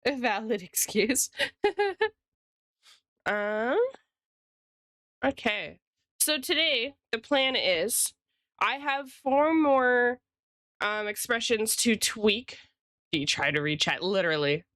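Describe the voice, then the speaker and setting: A woman's voice: on the high side, animated, slow pace, long pauses, a bit bright, no room sound, studio quality. A woman streamer and illustrator chatting casually with her live viewers, rambling and greeting them by name.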